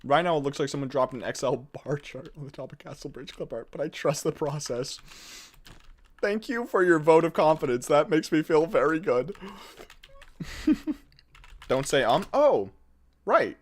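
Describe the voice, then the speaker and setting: A man hosts a casual live stream, chatting with viewers in a lively, jokey way and often laughing at himself as he builds. His voice is a little high, his pace measured, and he leaves long pauses.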